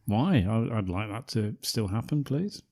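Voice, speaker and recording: A man's voice: on the low side, very animated, a little slow, darkish tone. A man, co-hosting a podcast and throwing in dry jokes and laughs. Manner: dry jokey asides, frequent laughter. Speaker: podcast co-host. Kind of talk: casual film-review chat.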